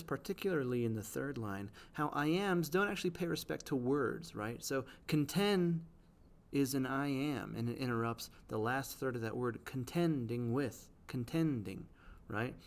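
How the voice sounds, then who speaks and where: A male teacher giving a recorded lesson, explaining step by step, often checking understanding and tapping out rhythms aloud. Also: mid-range voice. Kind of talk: classroom lecture video.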